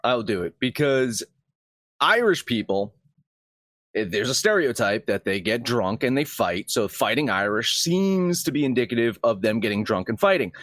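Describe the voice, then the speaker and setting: A man co-hosting casual sports talk, his pitch swinging widely as he argues. He swears freely and circles back to restart his thoughts. The sound is dry and close. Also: moderate pace, no room sound. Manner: animated, profane, rambling with restarts. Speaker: sports podcast co-host.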